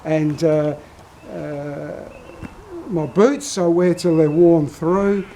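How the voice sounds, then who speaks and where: A man's voice: fairly high pitch, fairly even intonation, extremely slow, dark tone, slight background noise, low-quality recording. An older Australian man telling a long story in a casual vlog, drifting off on tangents. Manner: rambling, self-interrupting storyteller. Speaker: vlogger.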